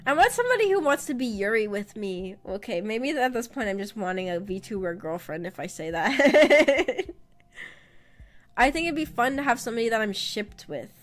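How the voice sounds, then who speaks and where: On her livestream, a female VTuber chats freely, wandering between thoughts, tailing off with filler words, and laughing frequently. Her fairly high voice swings widely in pitch at a normal speed. There's faint music underneath, and the audio comes from a streaming mic.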